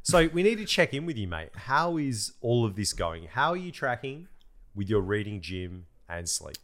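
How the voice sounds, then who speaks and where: A man's voice: fairly low pitch, big pitch swings, normal speed, fairly bright tone. A man, co-hosting a podcast and teasing his friend with lots of laughs. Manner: teasing, laughing, says "mate" a lot. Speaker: podcast co-host. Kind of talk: casual chat.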